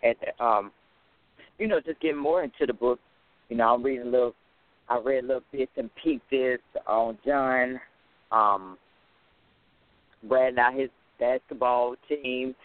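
A man's voice: mid-range voice, fairly even intonation, unhurried, long pauses, no room sound. A man hosting an internet radio talk show, loose and chatty, often repeating himself. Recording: dry phone line.

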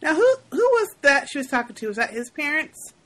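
A woman with a somewhat high voice co-hosts a relaxed podcast conversation. She is playful, laughs easily and keeps asking about scenes from the film. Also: a little fast, poor audio. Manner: laughing, playful, asks questions. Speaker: podcast co-host. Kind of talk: casual movie recap chat.

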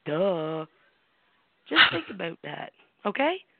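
A woman's voice: medium pitch, lively intonation, normal speed, vocal fry, very noisy. A middle-aged American woman, a psychic medium hosting a call-in show, tells personal stories bluntly and emphatically, with salty language and rhetorical questions. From United States. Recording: tinny phone-line sound, dry.

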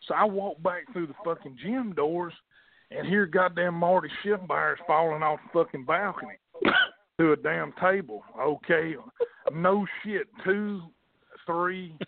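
Man, gravelly and fairly high-pitched, profane rambling storyteller, tinny phone line. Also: a little slow, a little hiss or hum. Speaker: wrestling promoter, guest. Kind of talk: casual storytelling.

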